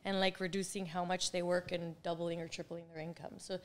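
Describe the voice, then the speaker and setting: Animated woman in her forties, smooth voice. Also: lowish voice, a little fast. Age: 40s. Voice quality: animated, laughs often while telling stories. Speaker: guest, real estate coach. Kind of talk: casual interview chat.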